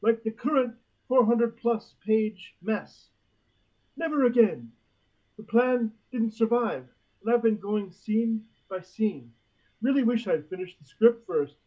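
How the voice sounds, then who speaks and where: A man co-hosting a casual podcast, dry and wry, reading posts aloud. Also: sits high. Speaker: podcast co-host. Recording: dull lo-fi audio.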